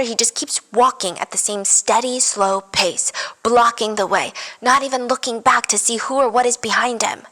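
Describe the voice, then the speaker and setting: A woman hosting a podcast, retelling a true crime story in a casual, animated way with wry asides. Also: a little high, rough recording. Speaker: podcast host.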